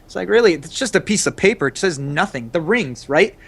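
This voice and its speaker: A young man and father of two, chatting casually on an online call in a halting way, thinking aloud with frequent restarts. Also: high-pitched, animated, fairly bright tone. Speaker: podcast co-host, father of two. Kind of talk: casual group chat over a voice call. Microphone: computer mic on an online call.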